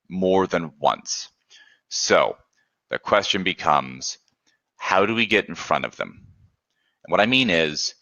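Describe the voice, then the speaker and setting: A low-voiced man talks through a business process on a webinar, his tone bright and forceful. The sound is dry and a little dull, with no room around it. He slips into sample customer emails as he explains. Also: dry recording. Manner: conversational, acts out sample client emails. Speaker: webinar presenter.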